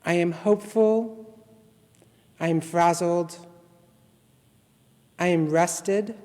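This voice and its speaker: A man serving as guest minister, reading a litany and a poem aloud in worship with a slow, measured, solemn delivery. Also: high voice, a little mellow. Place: church sanctuary. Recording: long reverb from a large hall.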